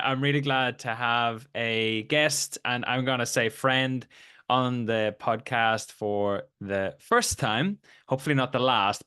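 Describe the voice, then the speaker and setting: A man's voice: lowish voice, bright, forceful tone, smooth. A man hosting a coaching podcast, welcoming his guest in a friendly, chatty way. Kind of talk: casual interview conversation.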